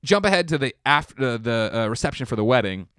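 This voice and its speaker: A man from the Chicago area, a podcast guest telling a long personal story in a casual, animated way, acting out the voices of the people in it and swearing freely. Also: mid-range voice, a little fast, clear, resonant tone, dry recording, clean studio sound. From Chicago area, USA.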